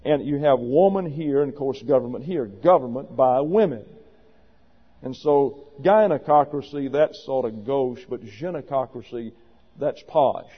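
A man's voice: medium pitch, a little slow, husky. A man preaching a sermon to a congregation, emphatic and wry, with sarcastic asides. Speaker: pastor. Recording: dull audio with long reverb.

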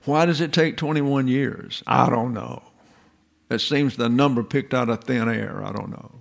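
A man's voice: medium pitch, measured pace, gravelly. A man giving an informal lecture in a folksy, digressive way, full of rhetorical questions.

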